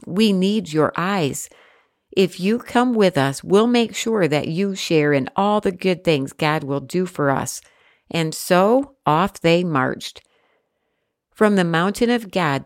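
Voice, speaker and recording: Woman, low register, measured scripture reading, dry close sound. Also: no room sound. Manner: steady, measured reading with careful pauses. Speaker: scripture reader.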